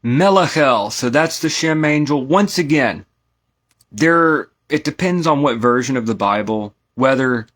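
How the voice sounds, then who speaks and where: A man's voice: mid-range voice, lively intonation, a little slow, a bit bright. An American man teaching esoteric lore in a casual spoken lecture, rambling with many asides and asking "right?" to his listeners.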